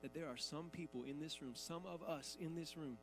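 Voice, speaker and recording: A man's voice: on the high side, brisk, music in the background. A man in his thirties, a pastor preaching a sermon in a church, talking in a conversational, emphatic way with casual asides. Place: church sanctuary.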